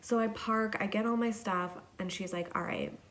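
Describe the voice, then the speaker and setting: A woman's voice: medium pitch, fairly even intonation, normal speed, a bit bright. A young woman hosting a podcast alone, telling a story in a chatty, casual way, swearing and saying "like" a lot. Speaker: podcast host.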